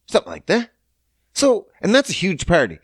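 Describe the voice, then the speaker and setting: A man's voice: high-pitched, sing-song, fairly quick, vocal fry, breathy edge, dry recording, studio quality. A man from Canada hosting a podcast, ranting in a casual, profane, incredulous and sarcastic way. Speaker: podcast host. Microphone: podcast mic.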